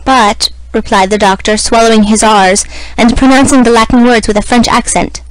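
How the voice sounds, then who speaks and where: A woman reading a classic novel aloud as scripted narration, in a measured, even manner. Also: fairly high pitch, slight background noise, rough recording. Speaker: audiobook reader.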